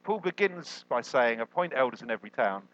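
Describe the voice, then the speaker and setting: A man preaching a sermon as a guest, animated and jokey, jumping up in pitch when he quotes people. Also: fairly quick, lo-fi sound. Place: church hall.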